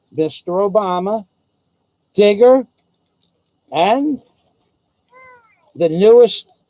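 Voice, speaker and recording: A man's voice: high-pitched, mellow, no room sound, low-quality recording. A man hosting his own video channel, ranting in a crude, rambling way full of swearing. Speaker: YouTube vlogger. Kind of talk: profane comedic rant.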